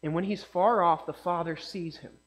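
A man's voice: high-pitched, fairly even intonation, moderate pace. A man preaching a casual sermon in a conversational way, often checking in with his listeners.

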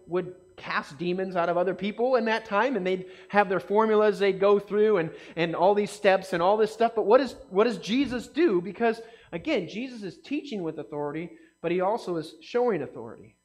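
A man giving a casual, conversational sermon, animated and often asking his listeners questions. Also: high-pitched, fairly quick, hardly any pauses. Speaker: pastor.

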